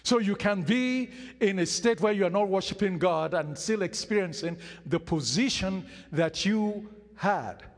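A man's voice: sits high, lively intonation, measured pace. A man preaching a sermon as pastor of his church, emphatic, repeating phrases and acting out quotes. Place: church hall. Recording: hall reverb.

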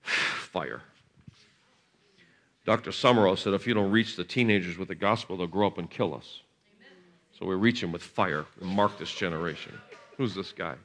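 A man preaching at a revival service in a church, laughing and shouting bursts, gentle with the children he blesses. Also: low-pitched, a little fast. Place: church sanctuary.

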